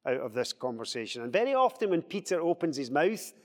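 A man's voice: a little high, fairly quick. Give me a man leading a Bible study in a big echoing hall, bringing the verses to life. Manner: animated, acts out quoted speech in a raised voice.

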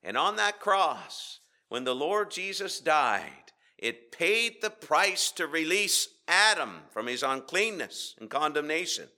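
A man preaching a sermon with rhetorical questions and dramatic pauses, swinging between loud emphasis and hushed asides. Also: on the high side, big pitch swings. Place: church.

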